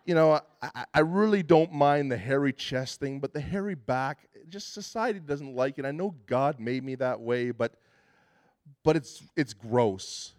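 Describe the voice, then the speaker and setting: A man's voice: mid-range voice, a little slow, a little mellow, dry recording, clean studio sound. A man preaching a sermon in a conversational, self-deprecating way, often restarting his sentences. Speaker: pastor.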